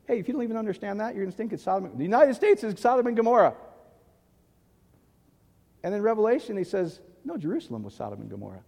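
A man's voice: high voice, fast talker, pauses often, darkish tone, long reverb tail. A man preaching a sermon in an emphatic way, often checking that the audience agrees. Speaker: pastor.

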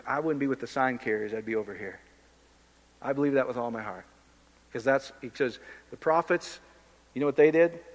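A man preaching an informal sermon in a blunt, impassioned, conversational way, often addressing the listeners directly. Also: medium pitch. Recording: long hall reverb.

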